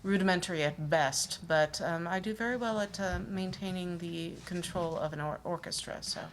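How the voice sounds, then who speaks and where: A shy young woman studying music, polite and hesitant, tripping over her words, as a woman plays her. The voice sits a little low, with faint noise behind it. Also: moderate pace, close to an everyday voice.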